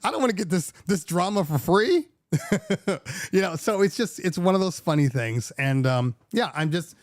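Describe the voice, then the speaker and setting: A man with a somewhat high voice chatting casually on his podcast, recorded dry and close with no room sound. He rambles through stories full of restarts and "like", his pitch climbing as he gets worked up and vents about clients. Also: normal speed, no room sound. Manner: animated storyteller who gets worked up, pitch rising when venting. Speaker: podcast host and DJ company owner.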